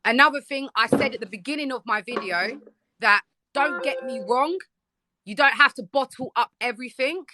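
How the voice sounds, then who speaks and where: A woman's voice: on the high side, brisk, very noisy. A woman in a heated live debate, insisting on her point and talking over the other speaker. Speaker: guest debating on a live stream.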